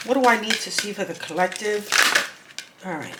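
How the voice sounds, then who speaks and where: A woman's voice: mid-range voice, lively intonation, normal speed, heavy background noise. A woman giving an intuitive card reading to her viewers. She talks earnestly, repeats words and urges her listeners on. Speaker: spiritual card reader.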